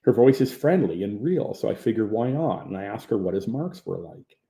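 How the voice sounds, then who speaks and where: A man from Ontario reading his memoir aloud in an animated storytelling manner. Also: fairly low pitch, fairly quick. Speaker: narrator.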